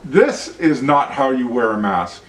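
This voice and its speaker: Host, blunt and swearing, mid-pitch, set back from the mic in a roomy space. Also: male voice, expressive, unhurried. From Canada. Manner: blunt, ranting, profane. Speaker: show host. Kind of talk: opinion vlog monologue and demonstration. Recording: roomy sound, mic at a distance.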